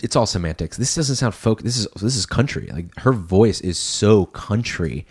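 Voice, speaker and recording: A man's voice: fairly low pitch, expressive, normal speed, darkish tone, husky. A man co-hosting a casual music podcast, skeptical and teasing, often restarting his words. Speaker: podcast co-host. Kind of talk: casual music review chat.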